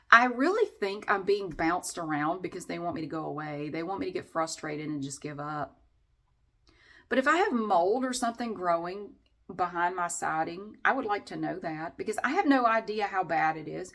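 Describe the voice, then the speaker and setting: A woman's voice: on the low side, lively intonation, normal speed, fairly bright tone. A middle-aged Southern woman ranting in a vlog, sarcastic and profane as she vents. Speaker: vlogger.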